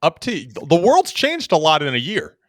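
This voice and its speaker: A man's voice: on the high side, normal speed, no echo, clean studio sound. A young man co-hosting a podcast, chatting casually and telling stories with lots of laughter. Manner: animated storytelling, laughing. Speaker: podcast co-host. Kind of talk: casual chat.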